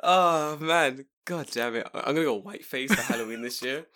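A man's voice: mid-range voice, fairly quick. A man co-hosting a casual comedy chat, swearing freely and telling stories with lots of laughter. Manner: laughs often, swears, animated storytelling. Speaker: podcast co-host.

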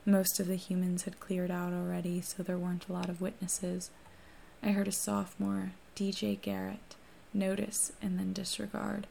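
A woman reading a first-person novel aloud in a hushed, steady narration that often drops to a whisper. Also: medium pitch, moderate pace, gravelly, a little hiss or hum. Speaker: audiobook reader.

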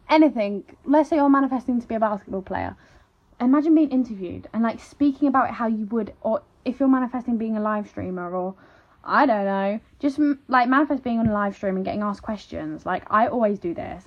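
A young woman, chatting casually in a vlog and saying "like" and "literally" all the time. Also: medium pitch. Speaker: vlogger. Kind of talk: casual chat. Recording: slightly dull lo-fi audio.

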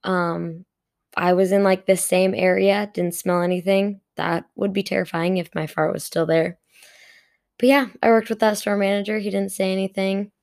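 A woman's voice: medium pitch, little pitch movement, normal speed, vocal fry, darkish tone. A young woman in casual storytime chat about a shift at her retail job, talking with lots of "like" and stifled giggles. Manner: chatty, giggly, full of "like" fillers. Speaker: retail worker telling a story.

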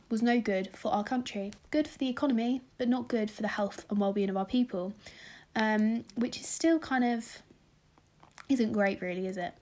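Speaking in a slightly high voice with a darkish tone, a young woman from Britain recounts her own story with a British English accent. It's a relaxed, meandering monologue, with asides that fall nearly to a whisper.

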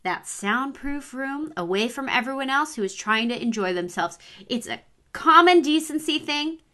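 Sharp-voiced woman ranting sarcastically. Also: high-pitched, animated, moderate pace. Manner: sarcastic, emphatic, exasperated. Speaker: comedic ranter. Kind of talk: comic monologue rant.

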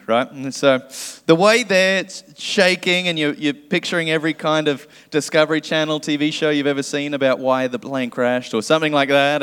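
A male pastor preaching a sermon, praying and then telling a lively comic story with acted dialogue. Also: on the high side. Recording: long hall reverb.

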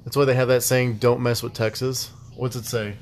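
A man's voice: mid-range voice, level tone, normal speed, soft background music. A man hosting a podcast, chatting casually in a laid-back, rambling way and laughing often. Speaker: podcast host. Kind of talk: casual chat.

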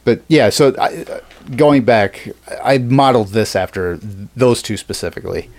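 A male podcast host talking in a loose, casual way at an ordinary pitch. He curses freely and drops into little acted-out quotes as he goes. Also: lively intonation, normal speed, a little mellow. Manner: loose and profane, acts out quotes.

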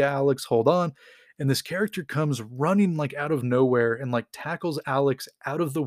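Male host, average pitch, dry close mic; enthusiastic rambling storyteller. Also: no echo. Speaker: comics recap host. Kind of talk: casual retelling.

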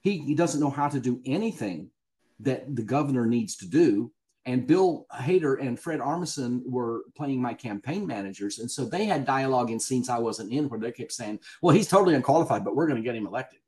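A man's voice: mid-range voice, lively intonation, moderate pace, warm tone. A man with a Southern US accent, a guest actor telling stories in a casual podcast interview and laughing often. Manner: chatty storyteller, laughs often.

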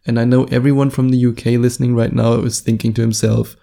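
Brief: German-accented male podcast host, dark gravelly voice, jokey and emphatic. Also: mid-range voice, level tone, fast talker. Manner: jokey, self-deprecating, emphatic. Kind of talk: casual solo podcast monologue.

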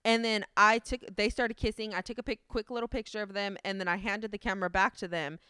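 Young woman with a smooth, clear voice. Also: mid-range voice, fast talker, no echo. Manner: animated storytelling, heavy slang and cursing. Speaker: podcast co-host. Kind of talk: casual chat.

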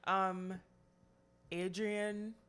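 A woman's voice: mid-range voice, flat delivery, drawn-out words, a bit bright, smooth. A woman co-hosting a podcast in casual chat, chatty and full of "like" and restarts. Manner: chatty, heavy use of "like", hesitant restarts. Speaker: podcast co-host.

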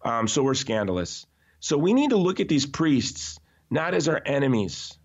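A man talking as a podcast guest in an emphatic, animated way, often restarting his sentences. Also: medium pitch, moderate pace. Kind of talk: conversational podcast interview. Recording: slightly dull, lo-fi audio.

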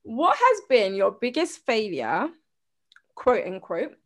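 A woman hosting a casual interview, unhurried and a little playful as she leads into a question. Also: a little high, huge pitch swings. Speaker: podcast host.

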